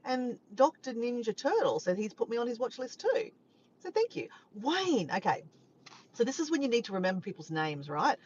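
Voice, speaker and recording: A woman from Australia with an Australian accent, chatting casually and warmly with live viewers, sometimes breaking into bits of song. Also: on the high side, big pitch swings, moderate pace. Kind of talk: casual live-stream chat. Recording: dull lo-fi sound with faint background noise.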